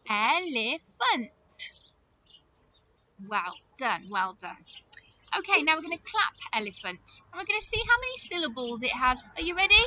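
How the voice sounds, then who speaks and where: A woman teacher leading an early-years phonics lesson, speaking slowly and encouragingly as she says words clearly and claps out their syllables. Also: high-pitched. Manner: slow, sing-song, encouraging, clapping out syllables. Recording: dull lo-fi sound with loud noise.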